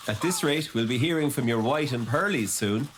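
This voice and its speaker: A kindly toothbrushing coach. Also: female voice, rumbling low, expressive, normal speed, slight background noise. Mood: encouraging. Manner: soothing and encouraging. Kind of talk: children's cartoon voice acting.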